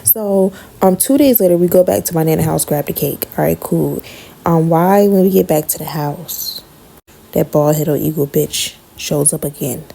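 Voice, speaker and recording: Woman storyteller, blunt and profane; gravelly, husky. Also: low voice, moderate pace. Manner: blunt, profane, animated retelling. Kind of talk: casual storytime monologue.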